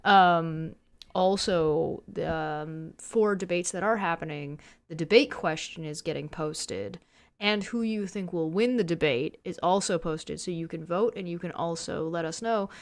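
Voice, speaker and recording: A woman's voice: lowish voice, unhurried. A woman hosting a casual livestream, giving chatty announcements and reading out viewer questions. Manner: chatty, loose announcements with fillers.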